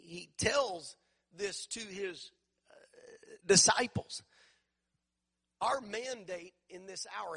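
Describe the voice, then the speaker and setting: Male preacher, high husky gravelly voice, emphatic sermon delivery with repetition. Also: fairly bright tone. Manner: emphatic, call-and-response preaching with repeated phrases.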